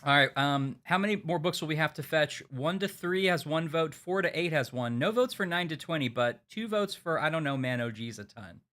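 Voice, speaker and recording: A man chatting over a game stream, rambling and restarting his sentences. His pitch swings widely up and down as he talks. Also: lively intonation, a little fast, few pauses, pushed and bright. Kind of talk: casual gameplay banter.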